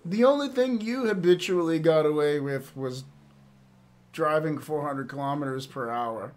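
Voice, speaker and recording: A man's voice: on the high side, moderate pace. A man streaming and chatting casually with viewers, rambling and laughing often, with some swearing.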